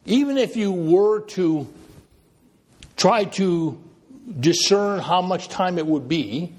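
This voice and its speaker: A man preaching a sermon, swinging widely between loud emphatic phrases and quiet ones, with conversational asides and self-deprecating humor. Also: lively intonation, slow. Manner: dramatic, with wide swings in pitch and loudness.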